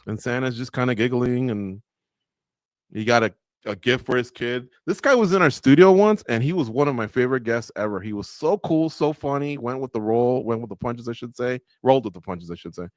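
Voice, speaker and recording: A male radio co-host talks fight sports in a loose, chatty way. He tells stories with lively quoted voices and laughs along at his own jokes. His voice sits at an ordinary male pitch and sounds dry and close, with no room echo. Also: a little fast. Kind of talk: casual sports chat. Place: studio.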